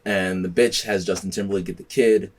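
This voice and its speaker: A man's voice: deep voice, fairly even intonation, fairly quick. A man hosting a podcast, telling stories in a loose, rambling way full of slang and swearing. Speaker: podcast host. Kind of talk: casual chat.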